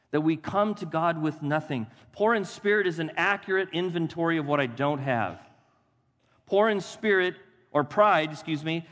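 A man preaching a sermon as pastor, animated and acting out the voices of Bible figures for his congregation. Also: a little high. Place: church sanctuary. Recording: long hall reverb.

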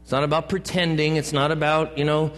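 Pastor, male, joking sermon delivery, slightly high voice, long church reverb. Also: little pitch movement, fairly quick, fairly bright tone, soft background music. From California. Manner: joking asides and playful put-on voices. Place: church sanctuary.

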